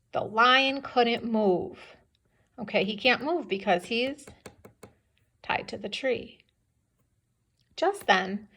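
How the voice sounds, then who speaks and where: A woman teacher reads a story aloud to young children and pauses often to ask whether they can picture the scene. She speaks slowly, with a gravelly fry in her voice. Her manner is patient, and she keeps checking what they understand. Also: a little high, fairly bright tone. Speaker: second-grade teacher.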